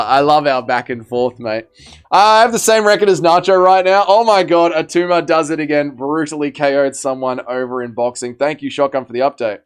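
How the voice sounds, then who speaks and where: A man's voice: fairly high pitch, clean tone. A man hosting a casual fight livestream, bantering with chat, reading out messages and swearing freely. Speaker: livestream host.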